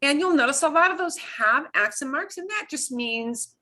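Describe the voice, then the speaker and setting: Woman, teacher, fairly high voice, animated. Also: normal speed, vocal fry. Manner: animated, punches stressed syllables, laughs easily. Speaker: Spanish teacher. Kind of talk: online class lesson.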